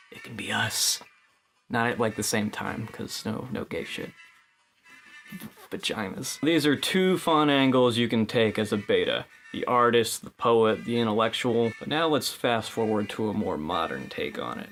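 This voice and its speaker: A man's voice: on the low side, a bit bright. Sarcastic young man in a mock how-to monologue. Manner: sarcastic, mock-instructional, shifts into silly voices. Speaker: comedy video host. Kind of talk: satirical scripted monologue.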